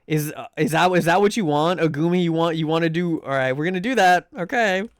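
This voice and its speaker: A man's voice: fairly high pitch, brisk, clean tone, dry recording, studio quality. A man live-streaming a game, joking, swearing and rambling while reacting to his chat. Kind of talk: casual live-stream commentary while gaming.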